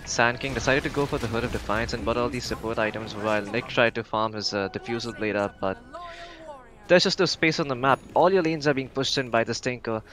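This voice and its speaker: A man's voice: mid-range voice, fairly even intonation, fairly quick. A man doing color commentary on a live esports match, dry and sarcastic. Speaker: esports caster.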